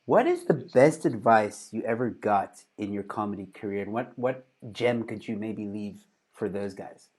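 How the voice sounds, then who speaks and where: A man's voice: on the low side, expressive, moderate pace, few pauses, darkish tone, breathy edge. A man hosting a casual interview, asking questions with friendly short replies. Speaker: show host.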